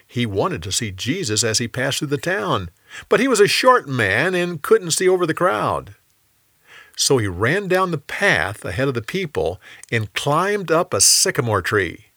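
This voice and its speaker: A man narrating a Bible story in a calm, expressive storytelling manner. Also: mid-range voice, no room sound, clean studio sound.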